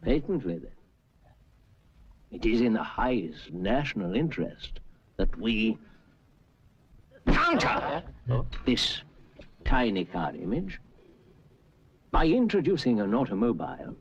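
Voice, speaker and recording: An actor playing a salesy car pitchman who makes a rhetorical sales pitch to executives. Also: sing-song, takes it slowly, pauses often, husky, heavily acted. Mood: persuasive. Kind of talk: 1960s film comedy acting. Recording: dull film soundtrack with faint music.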